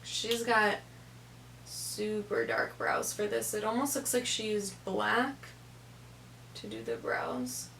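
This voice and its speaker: Gravelly young woman chatting through makeup. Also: medium pitch, sing-song, slow, fairly bright tone, slight background noise. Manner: chatty, step-by-step, fillers like "kinda, like". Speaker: makeup tutorial host. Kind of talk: casual makeup tutorial narration.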